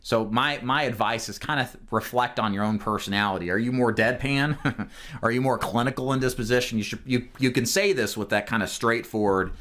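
A man's voice: medium pitch, a little fast, fairly bright tone. Direct, emphatic male sales trainer. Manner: direct, emphatic coaching with plenty of fillers. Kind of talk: instructional talk to a group.

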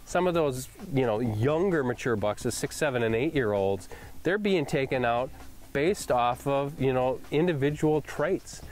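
A middle-aged man hosting a hunting show, recapping a hunt in a casual, excitable way. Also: mid-range voice, normal speed. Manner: excitable, enthusiastic storyteller.

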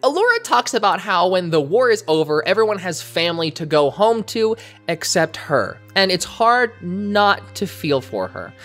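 A woman giving animated, sarcastic commentary as a show reviewer. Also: on the low side, moderate pace, soft background music. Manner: sarcastic, wry asides.

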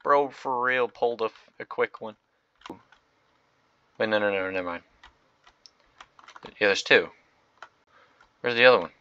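A young man narrating a game as he watches it, excitable and slangy, jumping from loud shouts to quiet muttering. His voice sits fairly low but has a bright, forceful edge. The recording is dull and lo-fi. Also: unhurried, pauses often, clear, resonant tone. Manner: excitable, slangy, reactive, swings from loud outbursts to mumbled asides. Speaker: gaming video host. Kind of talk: live gameplay commentary.

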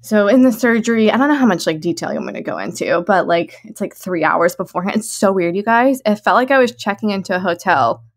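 A woman telling a personal story in a casual, chatty way, laughing often and filling her talk with "like", her voice jumping up high when she gets excited. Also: fast, few pauses. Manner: animated, swings into high excited tones. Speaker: guest sharing her birth story.

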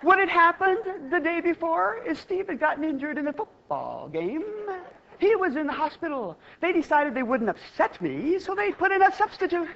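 Animated woman keynote storyteller. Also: high voice, moderate pace, creaky, a little hiss or hum. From Iowa, USA. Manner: animated, playful, theatrical. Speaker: keynote speaker. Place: stage before a live audience. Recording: dull, muffled lo-fi recording.

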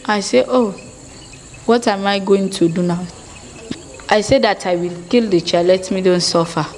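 Halting woman with West African pidgin accent. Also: medium pitch, darkish tone, a little hiss or hum. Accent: West African pidgin English. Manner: halting, plain-spoken, re-enacts scenes aloud. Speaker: former child soldier giving testimony. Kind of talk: personal testimony.

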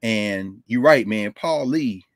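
A man guest on a live video call, telling stories in a casual, animated way, laughing often. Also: on the low side, slow, no echo, studio quality. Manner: animated, loose, laughs often, drops into quoted voices. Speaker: guest scholar. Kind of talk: casual conversational storytelling. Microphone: desk microphone on a video call.

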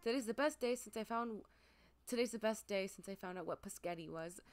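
A woman's voice: medium pitch, a little fast, close to an everyday voice. Give me a sweet little boy goat villager, read by a woman in a cozy video game. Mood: cheerful.

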